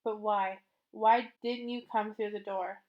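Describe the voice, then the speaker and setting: A woman voicing a startled young girl who stays steady. The girl asks guarded, polite questions. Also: medium pitch, takes it slowly, highs cut off, lightly acted.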